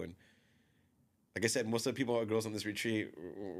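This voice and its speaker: Low-voiced man telling a rambling story. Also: fairly quick, gravelly. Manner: rambling, filler-heavy, often quotes others. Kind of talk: casual storytelling on a podcast.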